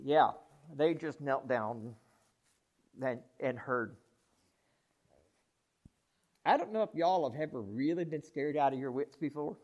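A man preaching a sermon, dramatic and humorous, swinging from hushed asides to loud excited outbursts as he acts out Bible characters. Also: medium pitch, measured pace, pauses often, lo-fi sound. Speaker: pastor.

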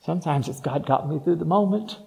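High-voiced man preaching emphatically. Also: fairly quick, gravelly, poor audio. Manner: emphatic preaching with rhetorical questions; shifts between soft asides and loud declarations. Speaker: pastor. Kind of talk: sermon.

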